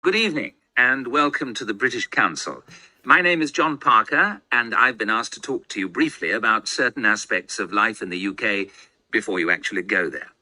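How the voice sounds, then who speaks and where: An actor playing a man giving a formal, measured welcome talk in a scripted exam recording. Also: lowish voice, animated, bright, forceful tone, no room sound. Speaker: lecturer in a listening-test recording.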